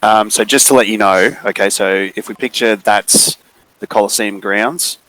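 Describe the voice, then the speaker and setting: A man, running a tabletop game and describing the scene with many pauses and fillers. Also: on the low side, steady tone, a bit bright, low-quality recording. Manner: unhurried, hesitant with many fillers. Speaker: game master.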